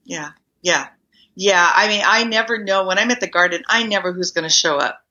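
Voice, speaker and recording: A woman with a bright, forward voice tells her stories with energy and acts out what people said to her. She speaks as a guest in an interview. The sound is a bit dull and lo-fi. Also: lowish voice, fairly quick. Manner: animated storyteller acting out quoted dialogue. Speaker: guest, community garden minister. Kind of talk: storytelling in a podcast interview.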